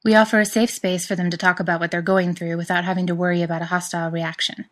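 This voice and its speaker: A woman's voice: fairly low pitch, flat delivery, fast, close to an everyday voice. A woman voicing a playful, teasing male English professor who cracks jokes. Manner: teasing, wisecracking.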